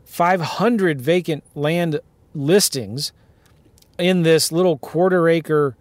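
Slow and fairly high-pitched, with no echo, a man tells a story about a deal while in a car. He hosts a podcast and invests in real estate, and his casual rant is animated and emphatic, with laughter mixed in.

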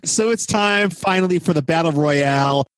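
A man hosting a movie-review podcast, walking his co-hosts through scenes and tossing in jokes. His voice sits a little high, and the close mic leaves it dry. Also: normal speed, no room sound. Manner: recaps scenes playfully, cracks jokes. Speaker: podcast host.

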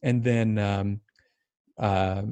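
A man hosting a podcast, explaining ideas thoughtfully with many pauses. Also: on the low side, fairly even intonation, mellow, clean tone, no room sound. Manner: thoughtful, explanatory, halting with fillers. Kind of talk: casual podcast chat.

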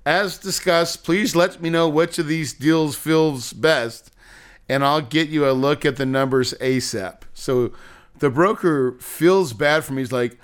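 Man, podcast host, smooth clear voice, candid monologue, venting, swearing. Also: a little high, measured pace. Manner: emotional, venting, swearing, laughing.

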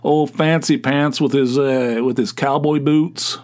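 A man's voice: mid-range voice, steady tone, darkish tone. Man, Appalachian accent, middle-aged, podcast host, casual solo monologue, rambling, lots of fillers. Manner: rambling, halting, full of fillers and restarts.

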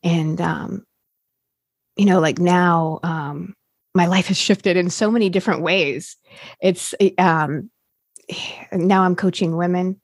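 A woman's voice: lowish voice, fairly even intonation, slow pace, long pauses, breathy edge, no echo, studio quality. A woman, now a recovery coach, candidly telling her recovery story in a rambling way, full of fillers and restarts.

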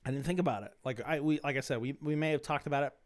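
The voice of this young podcaster leans high and moves quickly. Rambling through a story, he swears freely, drops slang, restarts a lot, and coughs because his throat is dry.

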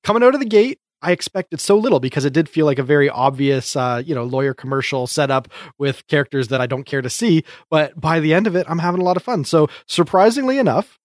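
A man's voice: on the high side, expressive, fast, no echo. Chatty man reviewing sketches, dry sound. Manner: chatty, hesitant restarts, frequent laughs. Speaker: co-host reviewing comedy sketches. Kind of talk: casual podcast chat.

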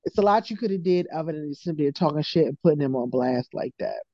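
A woman's voice: low-pitched, lively intonation, quick pace, dark tone, no echo. A woman co-hosting a podcast, speaking bluntly and matter-of-factly in casual chat. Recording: dull, muffled mic.

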